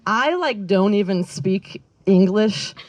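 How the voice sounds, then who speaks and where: A woman's voice: mid-range voice, animated, slow, slight background noise. A woman doing a stand-up comedy set outdoors in a backyard, rambling and self-deprecating, with lots of fillers and her own laughter. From Northern California.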